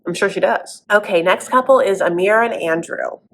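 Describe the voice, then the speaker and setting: A woman's voice: medium pitch, moderate pace, slight background noise. A woman hosting a comedic reality TV recap, sassy and sarcastic, who calls listeners honey. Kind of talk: comedic commentary.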